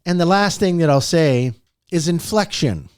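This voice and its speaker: A man's voice: normal speed, clean tone, dry recording, studio quality. A man hosting a motivational podcast, talking with animation and telling stories with frequent laughter. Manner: animated, swoops pitch up and down for emphasis; storytelling, laughs often. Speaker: podcast host.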